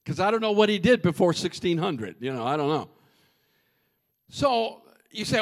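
A man preaching a humorous, animated sermon and addressing the congregation directly. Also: high-pitched, normal speed.

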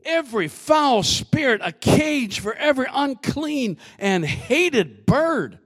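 A man preaching a sermon as pastor, swinging from shouted lines to hushed asides, often repeating and restarting his words. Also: very high voice, big pitch swings, slow pace.

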